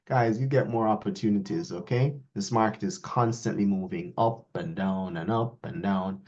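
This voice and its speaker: A man's voice: on the low side, measured pace. A man teaching a live trading lesson, talking straight to his students and acting out their questions in a raised voice. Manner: lively, talks to students, quotes askers in a raised voice. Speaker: trading instructor. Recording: dull lo-fi audio.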